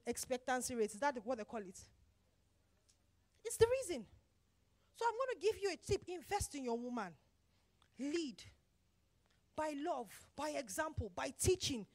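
Woman pastor, very high voice, emphatic and dramatic delivery. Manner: emphatic, acts out quoted voices, repeats phrases. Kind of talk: sermon.

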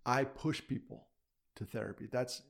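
Middle-aged male guest, gravelly, candid, self-deprecating advocate. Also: mid-range voice, fairly even intonation, normal speed. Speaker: mental health advocate and speaker. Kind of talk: casual interview conversation.

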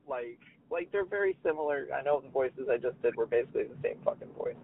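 A man's voice: medium pitch, quick pace. A male podcast host in casual chat, jokey and full of restarts, who likes trying out silly voices. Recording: dry tinny phone-like line.

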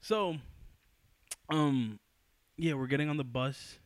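A young man hosting a casual podcast chat, excitable and swearing often, breaking into loud laughter. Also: on the high side, slow pace, no room sound. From New York. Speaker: podcast host.

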